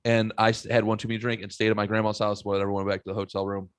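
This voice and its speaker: A man's voice: lowish voice, level tone, very fast, clear, resonant tone, no echo, clean studio sound. Profane rambling male podcast host. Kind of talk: casual storytelling chat.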